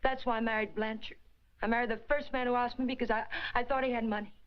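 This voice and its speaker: A woman's voice: on the high side, fairly even intonation, quick pace, clear, resonant tone, lightly acted. A woman playing a cool greedy femme fatale. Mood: cold. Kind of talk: 1940s film noir acting. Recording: dull old film soundtrack.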